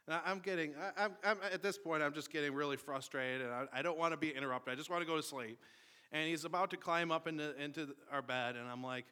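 A man's voice: a little high, brisk, sharp tone, clear, resonant tone. A man in his thirties preaching a sermon, reading scripture and then telling a casual personal story with fillers and restarts. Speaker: pastor.

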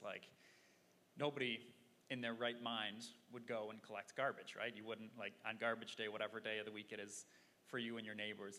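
A man's voice: lowish voice, sharp tone. A man preaching a sermon in an earnest, explaining way, often repeating words as he thinks. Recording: long hall reverb, faint noise.

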